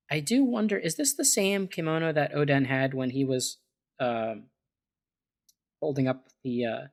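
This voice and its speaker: A man speaking at a middling, ordinary pitch as a panelist on a casual discussion podcast. He works out his thoughts as he goes, hesitating often and restarting his sentences with plenty of fillers. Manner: hesitant, thinks aloud with many fillers and restarts.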